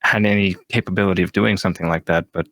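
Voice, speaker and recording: A man with a lowish voice who muses about a tabletop campaign. He reasons slowly and tentatively, hedging and wondering aloud, and the sound is dry and close. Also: steady tone, fairly bright tone, no echo. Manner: thoughtful, tentative, often unsure. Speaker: tabletop game player.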